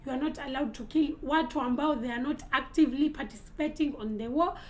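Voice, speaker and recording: A woman's voice: high voice, fast, a little mellow, rough recording. A young Kenyan woman from Lamu giving earnest vlog commentary, mixing Swahili into her English and pressing pointed rhetorical questions. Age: young adult. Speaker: content creator.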